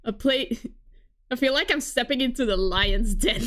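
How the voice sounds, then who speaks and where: A woman's voice: on the high side, a little slow, fairly bright tone. A woman streaming a game, making giggly, self-mocking asides between lines. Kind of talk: casual game stream commentary. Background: game music.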